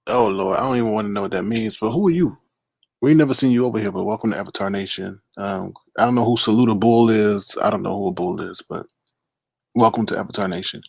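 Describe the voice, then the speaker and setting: A man's voice: on the low side, fast, creaky, a little mellow, slightly rough, no echo. A man hosting a casual late-night live stream, greeting viewers by name in a playful, teasing way.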